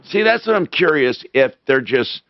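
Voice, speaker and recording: A man hosting a call-in radio show, animated and quick to interrupt with questions. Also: fairly high pitch, no echo. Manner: animated, interrupting, exclaims in disbelief. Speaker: radio talk show host. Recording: dull lo-fi radio stream.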